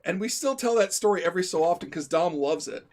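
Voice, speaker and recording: A man's voice: sits high, expressive, quick pace. A man telling a comic story as a live-stream co-host, talkative, laughing through it and acting out the quotes.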